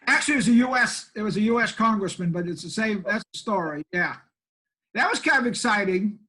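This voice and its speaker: An older man spins a folksy yarn as a country pastor, plainspoken and quick to poke fun at himself. His voice sits high for a man and rings bright and clear. He talks like a down-home storyteller sitting across from an interviewer. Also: lively intonation, low-quality recording. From Maine, USA. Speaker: pastor and homeless shelter director.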